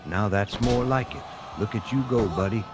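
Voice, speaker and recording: A male co-commentator with a very low voice calls a wrestling match in a cheesy, upbeat way. He leans on folksy stock phrases. Music plays clearly underneath. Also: moderate pace.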